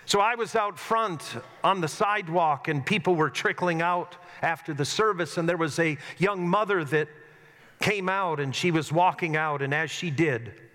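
The man's voice sits on the high side with a fairly bright tone. He is a middle-aged pastor giving a sermon in a church sanctuary, and he tells stories earnestly with humor at his own expense, recorded with long hall reverb.

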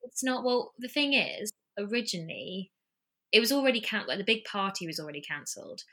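Brisk and mid-range, this woman's English-accented voice belongs to an actor guesting on a podcast remotely from her home in London. Her casual storytelling is lively and loaded with fillers.

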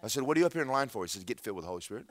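A man preaching a sermon, telling a story with acted-out dialogue and building to loud exhortation. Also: medium pitch, very animated, very fast.

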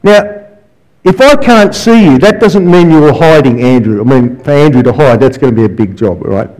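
A man's voice: mid-range voice, expressive, normal speed, a little mellow, rough recording. A man preaching as a guest speaker and counsellor, telling stories with asides and rhetorical questions. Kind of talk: sermon.

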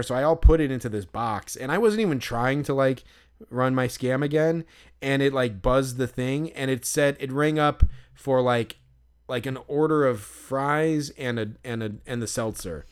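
A man's voice: medium pitch, normal speed, smooth. A young adult man, co-host of a podcast, telling a long, rambling story in a casual chat, with lots of restarts and some swearing.

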